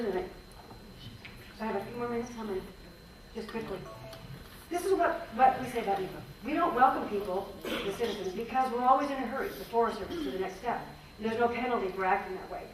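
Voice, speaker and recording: A woman, a former range conservationist, giving an earnest conference talk and answering questions, often restarting her sentences. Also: a little high. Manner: earnest, frank, with many restarts. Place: conference hall. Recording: echoey hall, distant mic, faint noise.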